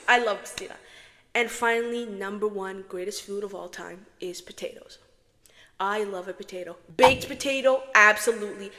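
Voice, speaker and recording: Chatting dramatically to camera in a casual vlog, a young woman from Morocco talks to herself in a mid-range, fairly bright voice. A strong echo effect drenches her speech in reverb.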